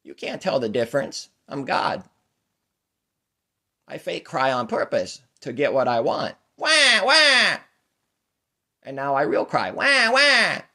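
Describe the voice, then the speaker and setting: A man's voice: mid-range voice, expressive, unhurried, husky, pitched above the performer's own voice. A man voicing a boastful, bawling baby who calls himself God, wailing shrilly and scornfully. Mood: mocking wails.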